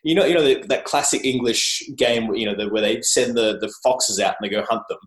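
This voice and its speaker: A man's voice: mid-range voice, brisk. Self-mocking Australian man, echoey room. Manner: self-deprecating, joking, rambling with restarts. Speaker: guest, journalist. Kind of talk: casual interview chat. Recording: roomy echo.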